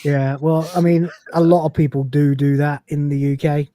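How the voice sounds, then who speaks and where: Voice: mid-range voice, moderate pace. A podcast host from the UK casually recapping a TV episode, quoting lines and laughing along. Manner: animated storyteller, quotes dialogue with a laugh.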